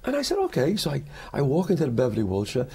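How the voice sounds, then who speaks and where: A man, an actor, talking as a guest in an interview and telling animated stories in which he acts out other people's lines. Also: mid-range voice, very fast, creaky. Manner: lively storyteller who acts out the quotes.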